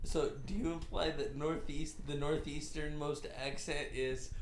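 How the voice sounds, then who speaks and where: A man's voice: on the high side, fairly even intonation, a little slow, a little hiss or hum. A man hosting a casual podcast chat, sardonic, often trailing off and restarting. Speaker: podcast host.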